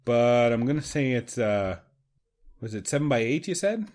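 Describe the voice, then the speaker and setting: Animated man joking through a gameplay video. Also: medium pitch, normal speed. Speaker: let's play co-host. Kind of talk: casual gameplay chat.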